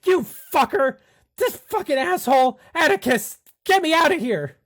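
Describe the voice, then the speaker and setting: A man voicing a panicked young captive who shouts and screams in frantic bursts, much higher and louder than his own voice. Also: animated, unhurried, full character voice. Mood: furious panic.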